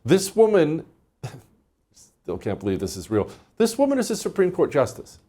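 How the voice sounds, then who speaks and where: A man's voice: a little high, wildly swooping pitch, normal speed, mellow. A man hosting a political commentary monologue, mocking and emphatic, with many rhetorical questions.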